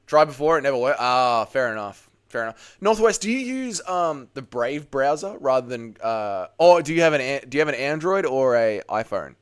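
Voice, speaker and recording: Sweary Australian livestream host. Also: male voice, mid-range voice, very animated, moderate pace, hardly any pauses, clear, resonant tone. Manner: sweary, blunt, jokey, laughs often. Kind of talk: casual livestream watch-along and fight commentary.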